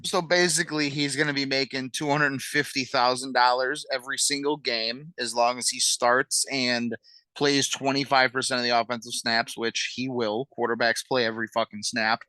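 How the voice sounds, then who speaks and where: A man's voice: medium pitch, steady tone, moderate pace, sharp tone, no room sound. A man co-hosting a sports podcast, laid back and casually swearing as he explains stats. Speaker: podcast co-host.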